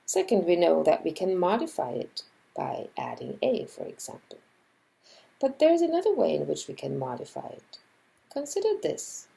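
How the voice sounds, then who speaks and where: A woman lecturer giving scripted narration about linguistics, measured and explanatory, acting out example sentences as she goes. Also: lowish voice, wildly swooping pitch, creaky, dark tone, low-quality recording.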